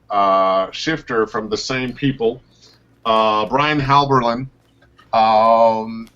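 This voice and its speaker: Guy voice actor telling stories on a video call, voice jumps all over, kinda muffled audio. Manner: animated storyteller, pitch leaps up and down. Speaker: voice actor guest.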